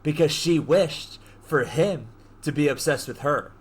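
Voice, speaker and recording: Animated man retelling a movie plot. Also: a little high, breathy edge. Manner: animated, acts out the characters' lines in quick bursts; swears casually, heavy use of "like". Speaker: podcast host.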